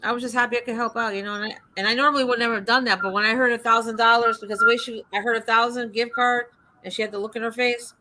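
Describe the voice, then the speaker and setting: An animated woman tells a story quickly, acting out every line of quoted dialogue. Her voice is bright and sits a little high, and she talks like a host in a casual stream. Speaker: livestream host. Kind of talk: casual chat.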